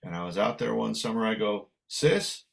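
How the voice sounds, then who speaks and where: A man from San Francisco, a guest musician telling a long story in a lively, animated way. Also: fairly low pitch, quick pace, gravelly. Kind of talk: casual storytelling.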